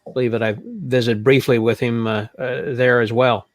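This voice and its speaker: A man's voice: medium pitch, steady tone, normal speed, no echo. A man hosting an online show, asking his guests questions in a hesitant way with many fillers. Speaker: host. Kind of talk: interview questions.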